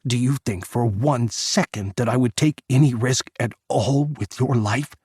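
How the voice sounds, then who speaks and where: A man's voice: medium pitch, a little slow, a little mellow, slightly rough, dry recording, clean studio sound. A man voicing a tense, furious security leader who speaks in clipped orders.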